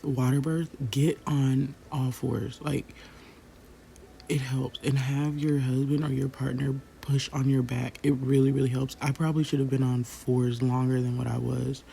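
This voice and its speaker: Gravelly, animated woman telling a story. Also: extremely low pitch, normal speed, a little hiss or hum. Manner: animated, swears freely, acts out quotes, talks to viewers directly. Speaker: vlogger sharing her birth story. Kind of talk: casual storytelling to camera.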